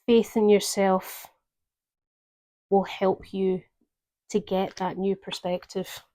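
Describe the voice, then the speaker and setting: A woman giving a gentle, reflective tarot reading, pausing often to think. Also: medium pitch, little pitch movement. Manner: gentle, reflective, with pauses and fillers. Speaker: tarot reader.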